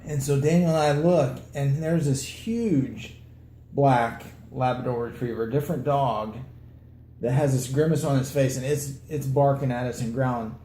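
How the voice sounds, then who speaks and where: A man's voice: medium pitch, moderate pace, dark tone, echoey room, a little hiss or hum. A man casually telling a story about a bike ride with a friend, in an easygoing way. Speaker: riding companion telling a story.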